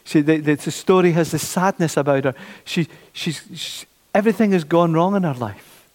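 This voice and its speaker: A man preaching a sermon, animated, repeating his phrases and acting out the voices of doubters. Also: fairly high pitch, normal speed. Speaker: pastor. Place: church. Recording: long church reverb.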